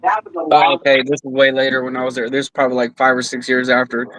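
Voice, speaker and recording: A man's voice: medium pitch, level tone, quick pace, a bit bright, no echo, poor audio. A man co-hosting a podcast, telling rambling stories in casual chat, swearing a lot and calling everyone bro. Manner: profane, storytelling, says bro often. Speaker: podcast co-host.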